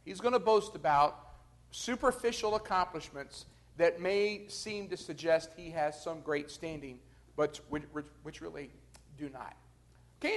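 High-voiced man teaching a Bible class. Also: fairly bright tone. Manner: explains verse by verse, addresses the class directly.

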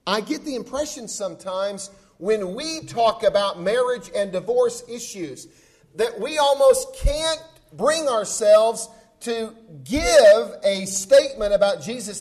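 A man's voice: extremely high pitch, expressive, a little slow, a little mellow. A man preaching a sermon in an earnest, conversational way, often asking the listeners rhetorical questions.

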